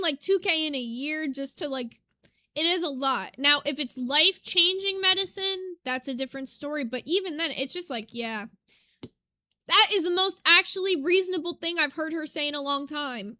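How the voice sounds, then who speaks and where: A woman's voice: high voice, sharp tone, no room sound. A woman hosting a reaction commentary, blunt and casual, swearing freely with frank asides. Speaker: commentary channel host.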